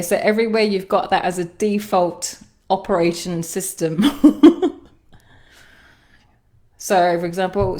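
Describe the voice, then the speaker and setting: This woman, who does sound healing and coaching, guides viewers through self-reflection on a livestream, pausing often and thinking aloud amid sighs and laughter. Her pitch is fairly low and her tone a little mellow.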